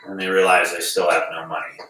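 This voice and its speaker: Calm male qigong teacher with a bright, forward tone, recorded from afar in a very echoey room. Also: sits low, fairly quick. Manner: calm, gently guiding with breath cues. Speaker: qigong instructor. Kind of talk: guided movement class. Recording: very echoey room, distant mic.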